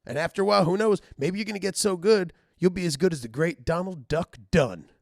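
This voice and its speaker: A man playing a chipper bunker dweller and former bar bassist, talking in a folksy, rambling comedy monologue that keeps interrupting itself. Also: fairly quick, creaky, no room sound, studio quality. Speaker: comedy character host.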